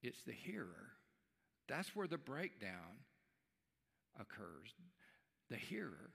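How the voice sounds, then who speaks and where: A man's voice: medium pitch, very animated, takes it slowly, gravelly, a bit bright, slightly rough. A male pastor preaching a sermon at a live church service, telling a folksy joke and acting out its voices. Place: church sanctuary. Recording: live church stream with long hall reverb.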